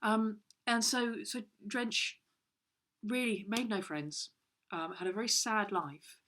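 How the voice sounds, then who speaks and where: A woman's voice: mid-range voice, slow, a bit bright, a little hiss or hum. A woman co-hosting a home lesson, telling a rambling, mock-serious comic story in a playful way. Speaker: co-host of a comedy kids' lesson.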